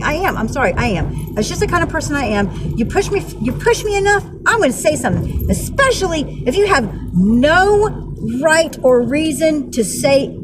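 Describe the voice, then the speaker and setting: High-voiced woman in her forties, heated. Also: noisy background. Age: 40s. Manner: heated, blunt, swings from angry outbursts to weary sighs. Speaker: vlogger. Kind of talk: casual vlog storytelling.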